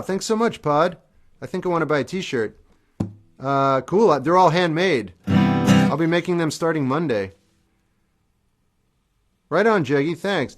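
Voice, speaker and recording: A middle-aged man hosting a livestream, reading viewer questions aloud and answering them briefly in an offhand way. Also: fairly high pitch. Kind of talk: casual livestream chat between songs. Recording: acoustic guitar playing behind the voice.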